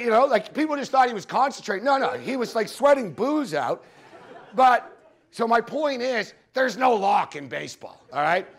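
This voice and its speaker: A man with a high-pitched voice presenting at a conference, spinning loose, profane stories about betting and hammering points home with repetition. He talks in a casual, animated way to a live room. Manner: profane, storytelling, punchy repetitions. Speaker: sports betting show host giving a conference talk.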